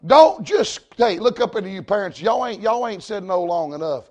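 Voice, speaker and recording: This high-voiced Georgia preacher, with a broad Southern US accent, delivers a homespun storytelling sermon in a folksy, emphatic style that keeps rising into shouted points. His intonation is lively and his speed normal, though the recording sounds muffled.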